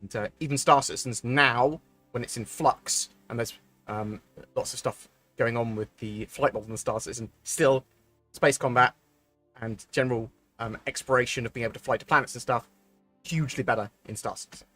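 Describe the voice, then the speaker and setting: A man's voice: medium pitch, steady tone, fairly quick, sharp tone, soft background music. A man chatting on a live stream, answering viewer questions and rambling with many fillers and restarts. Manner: rambling, thinks aloud with many ums and restarts. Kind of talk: casual live-stream chat.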